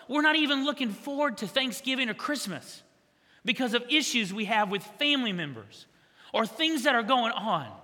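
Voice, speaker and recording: A man preaching a sermon as pastor, conversational and energetic with quick asides to the congregation. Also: very high-pitched. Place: church hall. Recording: long church hall reverb.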